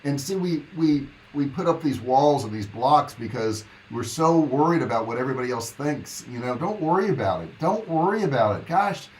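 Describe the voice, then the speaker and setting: A man with a rough morning throat talks casually to his livestream viewers from his home office. He rambles in a friendly way, full of fillers and asides to the audience, at a middle pitch. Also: expressive, normal speed, few pauses, a little mellow, a little hiss or hum, rough recording. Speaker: online business coach hosting a live Q&A.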